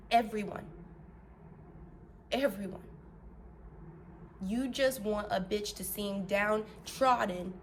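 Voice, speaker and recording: A woman ranting bluntly and profanely to her vlog audience, heated and animated, swinging between loud and soft. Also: mid-range voice, a little hiss or hum. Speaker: vlogger.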